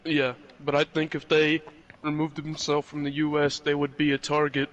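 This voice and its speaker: A man in casual chat, calm and matter-of-fact, offering facts. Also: on the high side, normal speed, muffled recording.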